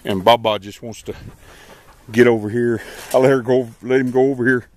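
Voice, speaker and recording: A homesteader films his outdoor chores in an animal pen, narrating in a casual, folksy, easygoing way with a mid-range voice, fairly even intonation, and a fairly quick pace. Between explanations he chats with his animals and hollers loudly for the dogs, vlog-style as he works.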